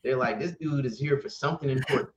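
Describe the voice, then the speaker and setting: Animated man telling trucking stories. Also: mid-range voice, fast, heavy background noise. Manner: animated storyteller, acts out dialogue, laughs often. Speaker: trucking company owner, guest. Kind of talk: casual storytelling interview. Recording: roomy, slightly dull sound.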